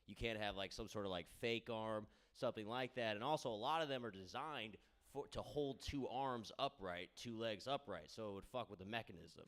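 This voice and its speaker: A young male stand-up comic on a club stage, talking into a handheld mic. His voice sits a little low and sounds smooth and clean, and he rambles loosely, leaning on fillers and tagging lines with "all right?" as he riffs on the crowd. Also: normal speed, hardly any pauses, a bit bright. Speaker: stand-up comedian. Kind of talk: stand-up set with crowd work.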